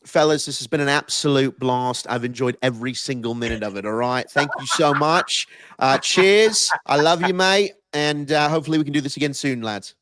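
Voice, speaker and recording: A man's voice: medium pitch, moderate pace, a bit bright, no room sound, pitched above the performer's own voice, lightly acted. American guy doing a chummy british bloke, all cheers mate and lads, friendly sign-off. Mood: cheery. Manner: chummy, slangy farewell. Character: cheery British bloke signing off, adult man.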